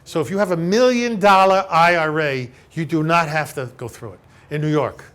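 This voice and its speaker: A man with a voice pitched a bit above most men's leads a seminar in front of a live audience. He tells his client stories with plenty of animation, acting out both sides of each conversation, and keeps checking that the room is following him. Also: normal speed, fairly bright tone, clear, resonant tone. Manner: checks in with the audience with frequent "okay?". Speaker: elder law attorney giving a seminar. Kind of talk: conversational seminar talk with retold client dialogues.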